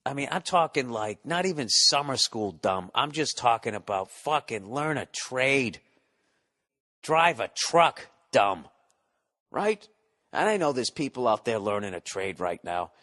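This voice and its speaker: Sing-song and a little slow, a man's mid-range voice sounds pushed and bright as he, a podcast host in his forties, launches into a casual comedic rant. He's profane and mock-exasperated, rambling and restarting as he goes.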